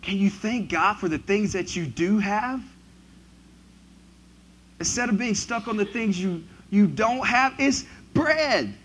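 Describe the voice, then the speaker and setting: A man preaching a sermon, reading scripture and then riffing on it, his voice swinging from loud to hushed. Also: high voice, takes it slowly, slight background noise. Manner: animated, swinging from loud to hushed, asks the congregation questions; reads scripture aloud then riffs on it. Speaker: pastor.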